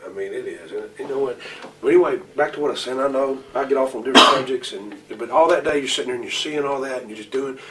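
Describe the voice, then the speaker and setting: A man's voice: medium pitch, fast, a bit bright. A man in his forties telling rambling, profane stories as a wrestler in an interview. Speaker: pro wrestler interview guest. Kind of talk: shoot interview storytelling. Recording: distant mic, noisy room ambience.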